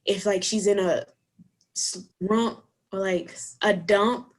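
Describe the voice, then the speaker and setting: Young woman, softball catcher, hesitant, lots of fillers. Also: medium pitch. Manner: quick, many likes, searches for words. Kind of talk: casual interview.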